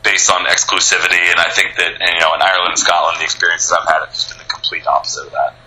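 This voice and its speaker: Male radio guest, American, low and sharp-toned, enthusiastic and rambling. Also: flat delivery, quick pace, a little hiss or hum, low-quality recording. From United States. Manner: rambling, enthusiastic, many restarts. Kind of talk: casual interview chat.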